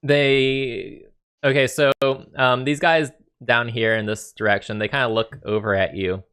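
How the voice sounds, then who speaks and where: A man's voice: mid-range voice, steady tone, a little slow, a bit bright, clear, resonant tone. Man running a tabletop game. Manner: loose, filler-heavy narration with swearing. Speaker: dungeon master.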